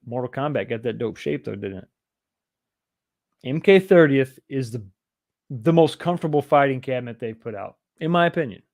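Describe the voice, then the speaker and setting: A man's voice: mid-range voice, expressive, normal speed, long pauses, a little mellow. A man hosting a casual livestream, rambling and restarting his sentences as he talks. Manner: rambling, repeats words and restarts often. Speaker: livestream host.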